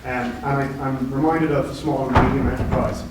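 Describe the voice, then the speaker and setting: A man's voice: mid-range voice, fairly even intonation, moderate pace. A man in the audience asks the panel a question, hesitant and thoughtful and full of ums. His voice sounds far off in a cavernous, echoey hall, with noise behind it. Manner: hesitant, thoughtful, many fillers. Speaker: audience member asking a question. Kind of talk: question from the floor. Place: university conference hall.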